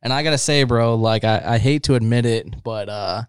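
A man's voice: mid-range voice, moderate pace, smooth, no echo, studio quality. A man hosting a podcast in casual chat, laid-back and full of "like" and "bro.". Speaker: podcast host.

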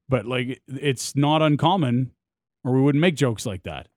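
This man co-hosts a sports talk show and argues his points with confidence. His pitch sits in the middle for a man. The sound is dry, with no room echo. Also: measured pace, a little mellow. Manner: confident, argumentative analysis.

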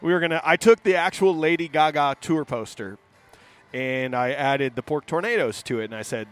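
A man's voice: fairly high pitch, lively intonation, fairly quick. A man hosting a casual band podcast, telling stories and laughing often. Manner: storytelling with laughs. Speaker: podcast host. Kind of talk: casual chat.

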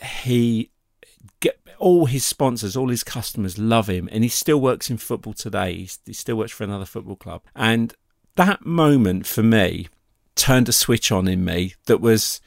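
A middle-aged man tells a personal story, animated and full of acted-out quotes. His voice sits low with a gravelly edge. The sound is dry and close. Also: normal speed, no room sound. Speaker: guest telling a story. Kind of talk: casual storytelling.

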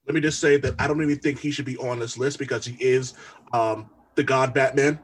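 A man's voice: mid-range voice, steady tone, fairly quick, slightly rough. A man co-hosting a podcast in casual chat, laid-back and laughing often. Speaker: podcast co-host.

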